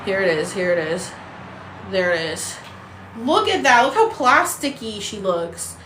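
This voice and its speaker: A woman hosting a casual livestream chat, ranting in an animated, profane, incredulous way. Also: medium pitch, a little slow, echoey room, slight background noise. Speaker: TikTok live host. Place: apartment in a city.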